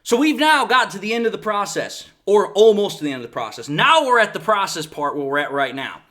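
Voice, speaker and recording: A man's voice: sits high, big pitch swings, fairly quick, pushed and bright. A man hosting a fan sports show, giving a passionate, emphatic monologue and acting out imagined voices.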